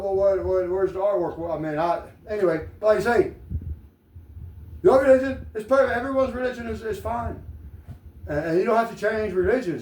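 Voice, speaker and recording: A man's voice: high-pitched, darkish tone. Southern guy rambling and cussing, kinda far from the mic, room echo. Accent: Southern American. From American South. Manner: rambling, profane, digressive. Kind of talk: rambling monologue. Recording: echoey room, mic at a distance.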